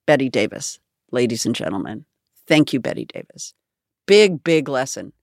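Animated woman telling a story. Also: extremely low pitch, a little slow, no echo, clean studio sound. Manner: animated storyteller, acts out quotes. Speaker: interview guest. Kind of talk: anecdote in a radio interview.

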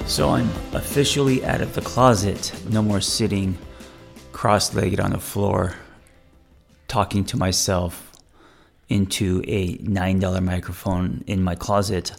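A man hosting his own podcast as a therapist, talking in a relaxed, rambling, candid way with some self-deprecation, recorded in a home podcast room on a studio mic. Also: low-pitched, a little slow, gravelly, soft background music. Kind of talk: casual self-help monologue. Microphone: studio microphone with mixer.

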